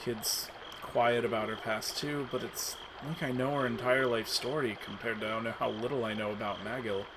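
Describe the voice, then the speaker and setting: A man's voice: medium pitch, steady tone, moderate pace, noisy background. A man streaming himself reading a text adventure aloud as dramatic narration, with asides. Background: game music.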